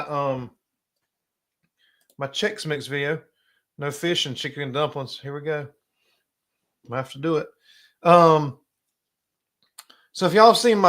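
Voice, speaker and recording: A middle-aged man with a South Carolina accent hosting a casual live stream, chatty and drawling, often clearing his throat. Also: on the high side, a bit bright. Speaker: host.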